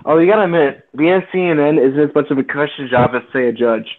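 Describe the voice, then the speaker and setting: A man's voice: on the high side, fast. Man, remote podcast co-host, tinny phone-like sound, defensive casual tone. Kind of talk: casual chat. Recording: tinny phone-like call line.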